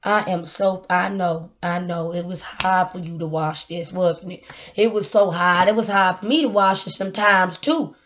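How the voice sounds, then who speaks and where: A woman's voice: lowish voice, steady tone, moderate pace, fairly bright tone, slight background noise. A woman in her twenties, joking through a mock prayer in a preacher's cadence and then giving a casual pep talk with repeated calls to the Lord. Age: 20s. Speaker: vlogger. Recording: dull lo-fi recording.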